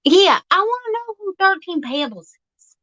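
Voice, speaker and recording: A woman's voice: very high-pitched, sing-song, normal speed, bright, forceful tone, highs cut off. A woman hosting an outdoor vlog, rambling in a folksy, teasing comic monologue. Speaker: vlog host.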